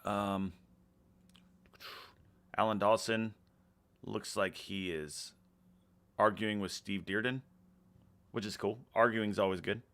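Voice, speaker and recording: Laid-back Texan man with a bright voice. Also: lowish voice, fairly even intonation, takes it slowly, long pauses. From Texas, USA. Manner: rambling, laid-back, laughs often, trails off mid-sentence. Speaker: live streamer reading chat. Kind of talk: casual live-stream chat.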